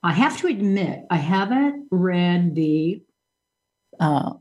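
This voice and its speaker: Woman host, casual chat, unhurried and low-pitched, rambly with fillers. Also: big pitch swings, a little mellow, highs cut off. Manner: chatty, many ums and restarts. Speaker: show host.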